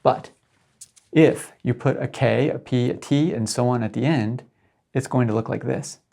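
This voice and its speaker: A middle-aged man lectures as a professor, with a gravelly, creaky edge to his voice. He explains step by step at a medium pitch and keeps checking in with his listeners. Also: normal speed, dark tone.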